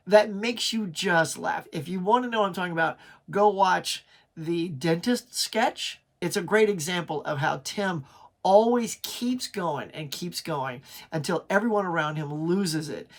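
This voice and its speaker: A middle-aged man hosting his pop culture channel, talking in a chatty, enthusiastic way with frequent restarts. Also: sits high. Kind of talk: casual video review.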